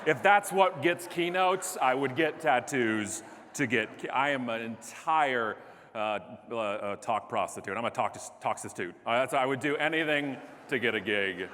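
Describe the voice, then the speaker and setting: A man giving a comedic keynote speech on a large conference stage, animated and self-deprecating. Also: mid-range voice, moderate pace. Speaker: keynote speaker. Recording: echoey hall.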